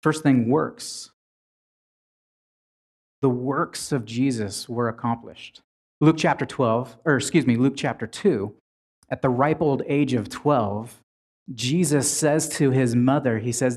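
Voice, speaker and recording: A man's voice: mid-range voice, takes it slowly, a little mellow. A man preaching a sermon in a conversational way, retelling scripture with frequent restarts.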